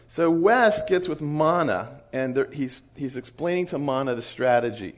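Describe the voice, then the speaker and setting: A man, a missionary, telling an animated story in a sermon, chuckling often and acting out the people in it. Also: mid-range voice, normal speed, hardly any pauses, a little hiss or hum.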